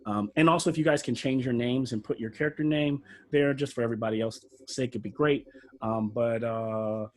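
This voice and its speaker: A man narrating a tabletop game as game master over a video call, halting with many fillers and restarts. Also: mid-range voice, darkish tone, slight background noise.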